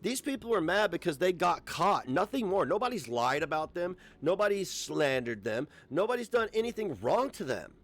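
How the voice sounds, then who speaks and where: A man on a livestream who rants with plenty of profanity and biting sarcasm. His pitch swings widely as he picks apart his critics, and he sounds combative throughout. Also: very animated, moderate pace, few pauses. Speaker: livestream host. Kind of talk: angry ranting livestream.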